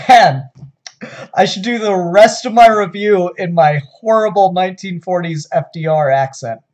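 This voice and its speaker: A man's voice: sits high, moderate pace, few pauses, a little mellow, muffled recording. A man reviewing comic books in a loose solo chat. He sounds sarcastic and exasperated, full of sighs, ums and wry asides.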